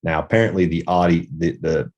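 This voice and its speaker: A man with a very low voice talks casually as a podcast host. He tells a personal story in a rambling, reflective way, restarting sentences as he thinks aloud. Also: fairly even intonation, fairly quick, darkish tone, lo-fi sound.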